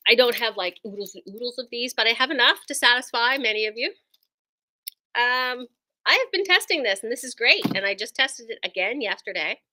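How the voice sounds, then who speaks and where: A woman's voice: medium pitch, pushed and bright. A woman who runs a quilt shop, chatting enthusiastically through a casual product demo with lots of ums and likes.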